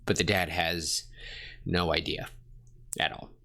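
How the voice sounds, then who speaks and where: A man co-hosting a podcast, brainstorming a fantasy story in casual chat and excitedly acting out the characters' lines. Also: low voice, gravelly. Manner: excited, acts out characters' lines in quick bursts. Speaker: podcast co-host.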